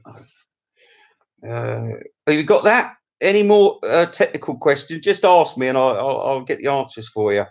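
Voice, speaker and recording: A man's voice: medium pitch, lively intonation, moderate pace, vocal fry. Brief: male live-stream host, cheeky and crude, rambling chat to viewers at his desk mic.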